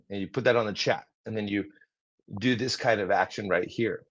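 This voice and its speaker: Husky man coaching on a livestream. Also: mid-range voice, fairly quick. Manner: energetic, demonstrates tones and acts out example replies. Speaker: public speaking coach. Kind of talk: livestream teaching talk. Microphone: livestream mic. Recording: slightly dull lo-fi audio.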